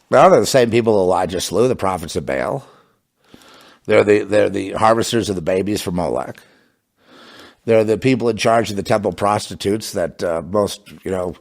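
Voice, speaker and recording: A man delivering an impassioned religious monologue, fervent and sarcastic, with bursts of scornful laughter. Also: fairly low pitch. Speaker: religious commentator.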